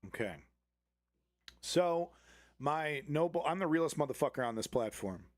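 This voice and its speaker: A man's voice: fairly high pitch, expressive, normal speed, no echo. A man hosting a live commentary stream, talking bluntly and profanely with frequent restarts. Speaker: live news commentary host.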